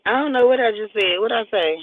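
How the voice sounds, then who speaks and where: A man's voice: high voice, fairly quick. A man hosting a casual livestream, rambling and joking with frequent laughter. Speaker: livestream host. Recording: tinny phone-like audio with faint hiss.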